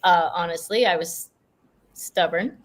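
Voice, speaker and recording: A woman's voice: fairly low pitch, a little slow. A woman hosting a podcast interview, chatting expressively and telling a personal story. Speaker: podcast host. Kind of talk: podcast interview, casual chat.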